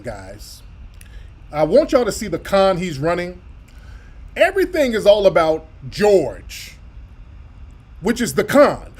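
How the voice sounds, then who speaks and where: A man's voice: high voice, huge pitch swings, slow, pauses often, a little mellow. A man hosting a radio commentary show, reacting to clips in a blunt, profane, mocking way. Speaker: radio host. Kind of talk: commentary over played clips.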